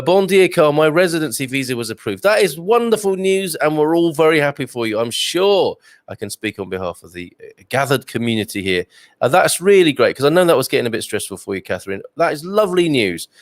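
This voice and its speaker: A man's voice: medium pitch, no echo. Jokey british guy hosting a live show from home, bouncy up and down voice, dry sound. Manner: chatty and jokey, many fillers. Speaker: livestream host. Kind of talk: casual chat reading viewer comments. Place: home with a wood stove.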